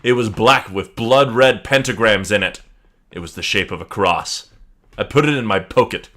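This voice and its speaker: A man hosting a comedy podcast, reading fan fiction aloud theatrically with deadpan asides. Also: fairly low pitch, normal speed.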